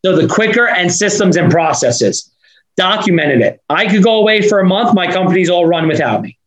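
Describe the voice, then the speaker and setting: High-voiced fast-talking Northeastern man. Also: poor audio. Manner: fast, energetic, run-on sentences. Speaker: podcast guest, business owner. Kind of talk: fast casual interview talk.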